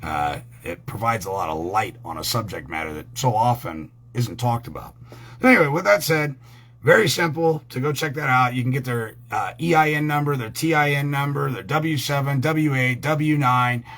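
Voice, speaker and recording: A man's voice: medium pitch, lively intonation, moderate pace, a bit bright. A man hosting a channel, giving a crude, rambling, heated rant full of swearing. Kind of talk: profane ranting talk.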